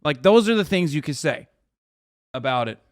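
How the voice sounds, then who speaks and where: A man streams live and reacts to chat in a heated, swearing rant. His voice sits a touch higher than most men's, and it sounds dry and close with no room echo. Between the outbursts he slips into sarcastic jokes that trail off. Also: very animated, normal speed. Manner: heated, profane, sarcastic ranting; jokey, trailing off into mumbles.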